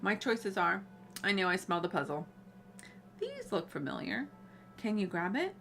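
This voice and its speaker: A woman's voice: medium pitch, wildly swooping pitch, unhurried, sharp tone, soft background music. A woman playing through a cozy game on stream, chatting casually with her viewers. She reads the game's dialogue aloud between her own comments. Her tone is friendly and conversational.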